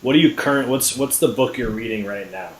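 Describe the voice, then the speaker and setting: A man co-hosting a podcast, relaxed, dropping in brief comments and questions. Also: medium pitch, fairly quick, echoey room, crowd noise. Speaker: podcast co-host. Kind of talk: casual podcast chat.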